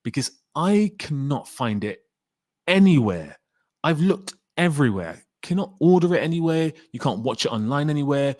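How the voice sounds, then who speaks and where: A man hosting a casual live stream, reading out viewer comments in a lively, excitable way and swearing freely. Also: a little high, normal speed, dry recording, studio quality.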